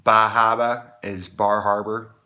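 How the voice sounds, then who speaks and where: Bright-voiced rambling vlogger man. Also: on the low side, flat delivery. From Maine. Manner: rambling, halting, many restarts and fillers. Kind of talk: casual talk to camera.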